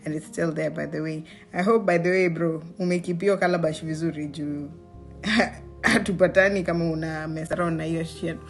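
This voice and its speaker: A young Kenyan woman telling a personal story in a casual vlog. She is animated, slips into Swahili slang and laughs often. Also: deep voice, moderate pace, faint music behind. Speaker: vlogger.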